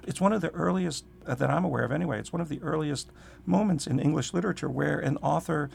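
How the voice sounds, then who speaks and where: Gravelly-voiced man professor, scratchy throat. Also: a little high, a little mellow. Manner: thoughtful, digressive, slows to read aloud. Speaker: literature professor, guest. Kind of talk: conversational interview.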